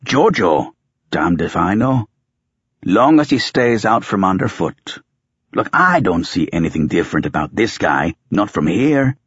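A man's voice: low voice, big pitch swings, unhurried, a bit bright, husky, no room sound, lo-fi sound, full character voice. A man voicing a cranky, sardonic ancient male wizard who grumbles in a coarse, raised voice. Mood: gruff.

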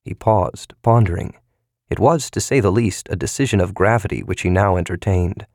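Low voiced guy reading a sci-fi book, steady, dry close mic. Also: moderate pace, creaky, dry recording. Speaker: audiobook narrator. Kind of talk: scripted narration.

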